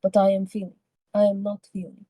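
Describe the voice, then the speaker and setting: A woman reading a novel aloud for a book club, steady but with small slips and self-corrections. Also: mid-range voice, fairly quick, dry recording, dull audio.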